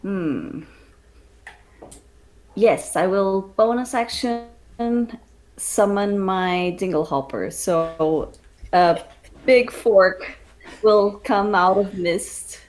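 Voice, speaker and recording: A woman's voice: medium pitch, drawn-out words, pauses often. A woman playing in a casual tabletop game, describing her actions in an amused, giggly way. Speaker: player.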